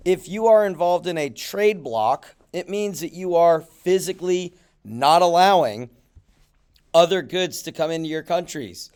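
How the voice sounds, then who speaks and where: A man's voice: fairly high pitch, measured pace, darkish tone, clean tone. A male teacher going over guided notes in a recorded classroom lesson, talking animatedly with mock-surprised asides. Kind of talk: classroom lecture video.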